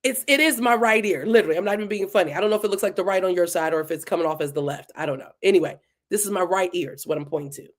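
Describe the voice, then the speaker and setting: A woman teaching a verse-by-verse Bible study in a casual, animated way, acting out the lines of the people in the passage. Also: fairly low pitch, very fast. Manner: casual, animated, acts out dialogue between speakers.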